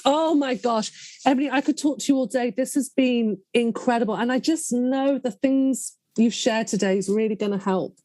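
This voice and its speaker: A woman hosting a podcast conversation with a fairly high voice, heaping affection on her guest with words like darling and love. She is openly emotional and close to tears as she talks. The sound is dry and close. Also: moderate pace, a little mellow, no echo. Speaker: podcast host. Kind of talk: casual interview chat.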